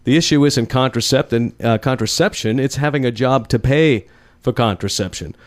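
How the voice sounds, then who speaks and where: A man's voice: mid-range voice, normal speed. A man hosting a political talk show, wry and folksy, ticking through points with a recurring catchphrase. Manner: folksy, wry, repeats a catchphrase, chuckles at own jokes. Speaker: host.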